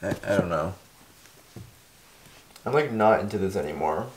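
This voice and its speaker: A man's voice: low voice, expressive, moderate pace. A man vlogging in a rambling, self-deprecating casual chat, cursing freely as he goes. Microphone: clip-on or desk mic.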